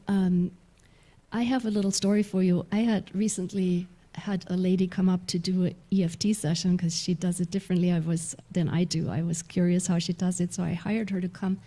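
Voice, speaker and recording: A woman's voice: medium pitch, warm tone. A woman minister from Germany, giving a sermon. She tells a personal story, laughs often and restarts her sentences.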